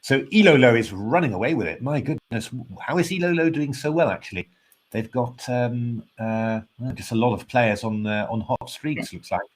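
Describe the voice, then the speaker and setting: A man's voice: mid-range voice, moderate pace. A man giving casual live chess commentary, thinking aloud with lots of fillers and hesitations, polite and self-deprecating, sounding tired and yawning.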